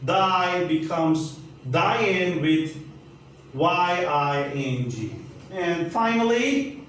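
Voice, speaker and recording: Slow, emphatic man teaching grammar. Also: high-pitched, lively intonation, a bit bright, very echoey, far from the mic, slight background noise, rough recording. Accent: Turkish. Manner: slow, emphatic, spelling letters out. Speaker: English teacher. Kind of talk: grammar lesson.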